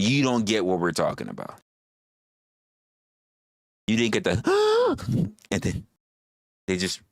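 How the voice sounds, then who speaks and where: A man's voice: fairly low pitch, dry recording, studio quality. A man hosting a livestream, talking casually in a rambling, profane way and repeating his phrases. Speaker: livestream host.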